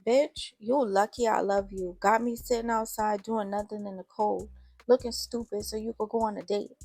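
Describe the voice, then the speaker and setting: A woman playing a loud sassy teen girl. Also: medium pitch, fairly even intonation, normal speed, breathy edge, no echo, faint music behind. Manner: brash, loud slangy ribbing.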